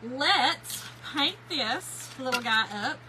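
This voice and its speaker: A chatty woman hosting a craft live stream with a high voice. She talks straight to her viewers and greets them by name. Her voice sits over noticeable background noise. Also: lively intonation, slow. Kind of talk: casual live-stream chat.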